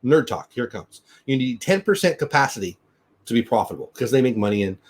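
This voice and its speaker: Middle-aged guy hosting a live stream, talks fast, rambles, cheery, shouts out the chat. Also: medium pitch, very animated, husky. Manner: rambling, upbeat, thanks viewers by name. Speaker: host of a daily live news show.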